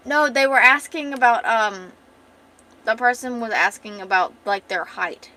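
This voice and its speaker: Woman streamer, casual chat, comic read-aloud, bright tone. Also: on the high side, unhurried. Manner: chatty, retelling with many fillers and restarts.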